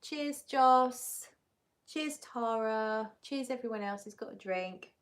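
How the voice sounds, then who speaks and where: A woman's voice: fairly high pitch, takes it slowly. A woman hosting a casual livestream, reading out viewer comments and talking about perfumes. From England. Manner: chatty, reads viewer comments aloud and answers them. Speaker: livestream host reviewing perfumes. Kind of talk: casual live chat.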